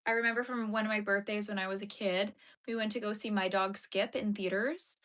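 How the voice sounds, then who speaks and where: A woman's voice: mid-range voice, fairly even intonation, fairly quick, a bit bright. A young woman streaming live as she crochets, chatting with her viewers and getting tearful over sad dog movies. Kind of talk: casual live-stream chat while crocheting.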